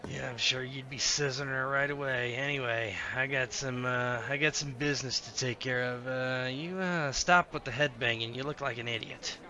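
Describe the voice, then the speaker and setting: Blunt bright-voiced male player. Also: mid-range voice, fairly even intonation, moderate pace, few pauses. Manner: blunt, crude. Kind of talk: tabletop role-play.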